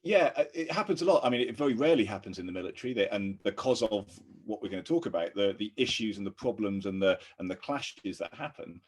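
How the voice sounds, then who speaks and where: Husky man, easygoing. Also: on the low side, lively intonation, fast, few pauses. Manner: earnest, laughs easily, lots of restarts. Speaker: podcast co-host, ex-army officer. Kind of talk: casual conversational explanation.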